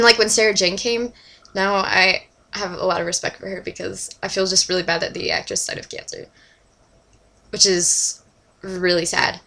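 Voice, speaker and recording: Young woman vlogger, bright tone, gushing casual fan chatter with sudden whispers and squeals. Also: medium pitch. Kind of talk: casual fan chat to camera.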